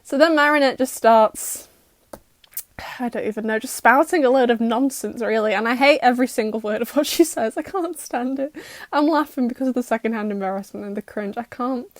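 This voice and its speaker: A young woman recapping a cartoon episode in a sarcastic, exasperated roast, putting on quick mock voices for the characters. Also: fairly high pitch, no room sound, studio quality. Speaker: YouTuber reacting to a cartoon.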